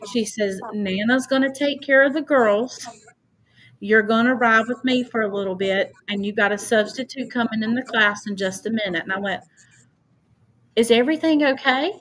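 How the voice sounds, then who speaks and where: A woman's voice: a little high, steady tone, moderate pace, fairly bright tone, poor audio. Woman telling a personal story. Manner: earnest, quotes others' speech at length. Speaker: guest. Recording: faint background noise.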